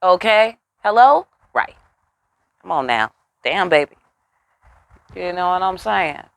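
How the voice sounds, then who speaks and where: A woman giving a casual tarot reading, animated and profane with chatty asides. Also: on the low side, slow, vocal fry, no echo. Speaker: tarot reader.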